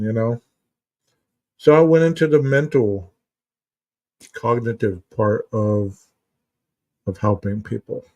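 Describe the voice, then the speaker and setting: A therapist hosting a casual live stream speaks in a mid-range, slightly mellow voice. He rambles through stories and chat questions with many restarts and "you know" fillers. Recorded from a distance, the audio is dry and muffled.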